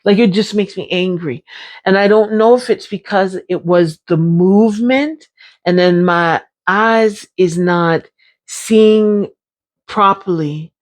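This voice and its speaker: A woman with a mid-range voice speaks at a slow pace in a personal vlog, talking candidly and emphatically and repeating phrases as she goes. She is a brain injury survivor sharing her experience.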